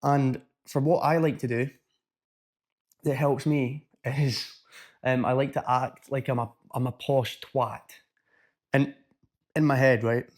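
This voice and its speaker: A man talks straight to camera as a coach, giving self-help advice in a casual, energetic way. He is blunt and swears freely, with a voice of ordinary pitch. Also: takes it slowly, pauses often. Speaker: fitness and mindset coach.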